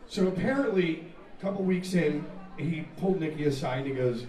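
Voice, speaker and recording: A man, a rock singer, telling a profane, animated story between songs at a live music venue, laughing and acting out the scene. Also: on the high side, a little fast. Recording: echoey live room, mic far off, loud crowd.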